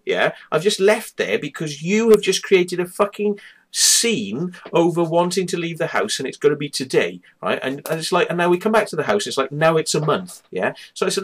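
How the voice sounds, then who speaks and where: A man's voice: fairly high pitch, breathy edge. A man telling a personal story to camera, heated and sweary, who keeps checking in with "right?" and "yeah?". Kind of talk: angry personal account to camera.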